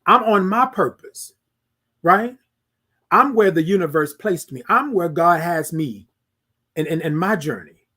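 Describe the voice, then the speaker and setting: A man's voice: sits high, measured pace, pauses often. A man hosting a casual monologue podcast, talking animatedly and preaching to listeners. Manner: animated, preachy, asks listeners "y'all feel me". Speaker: podcast host.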